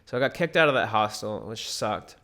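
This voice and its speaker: A young man from the United States tells a personal story in a loose, rambling way. He fills the gaps with ums and likes and keeps restarting his sentences. His voice sits a little low. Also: expressive, a little fast, pushed and bright. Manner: rambling with many fillers and restarts. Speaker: vlogger. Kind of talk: casual storytelling.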